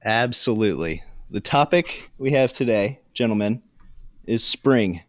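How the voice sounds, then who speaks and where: Low-voiced man reading quiz questions. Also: expressive, unhurried, no room sound, studio quality. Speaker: guest quizmaster. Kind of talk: casual chat, reading trivia questions.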